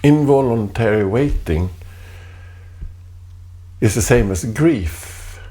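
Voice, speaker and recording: A man at home reading a reflective spoken essay in a deliberate, halting way, often repeating his phrases. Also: medium pitch, lively intonation, mellow. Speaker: artist performing a spoken text.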